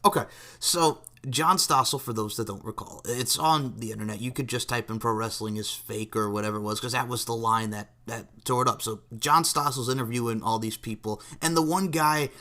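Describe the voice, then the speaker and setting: A man hosts a casual interview, chatting freely and laughing often. His voice is bright and forceful. He keeps things loose and conversational. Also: mid-range voice, a little fast. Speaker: podcast host.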